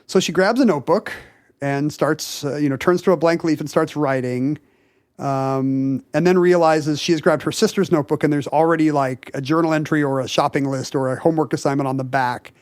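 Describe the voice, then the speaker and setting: A man's voice: a little high, fairly quick, darkish tone, no echo, clean studio sound. A man co-hosting a podcast, telling a story in casual chat, full of fillers and restarts. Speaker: podcast co-host.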